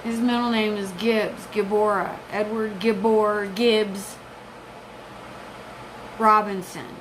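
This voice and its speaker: A woman's voice: mid-range voice, steady tone, takes it slowly, a little hiss or hum, low-quality recording. A woman in her forties giving an intense, rambling, profane personal monologue. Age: 40s. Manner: intense, rambling, profane, jumps between topics.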